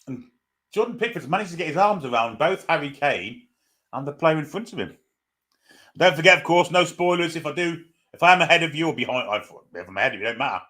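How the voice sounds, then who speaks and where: A man's voice: on the high side, expressive, fast talker, sharp tone. A man hosting a live stream, chatting through a football match as it unfolds. He greets viewers one by one and reads out their comments in an easy, casual way.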